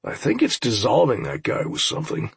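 A man's voice: mid-range voice, huge pitch swings, brisk, vocal fry, slightly rough, no room sound, heavily acted. A man voicing a rookie monster-hunter partner who talks in a plain, profane, matter-of-fact way. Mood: puzzled.

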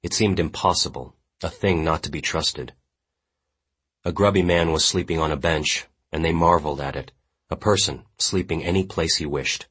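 A man reading literary fiction aloud as an audiobook narrator, in a measured, grave way. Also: rumbling low, a bit bright, husky.

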